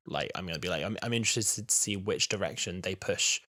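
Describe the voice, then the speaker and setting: A British man in his twenties co-hosting a podcast in casual chat, expressive and mimicking the characters he talks about. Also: deep voice, a little fast, dry recording, clean studio sound. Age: 20s. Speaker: podcast co-host.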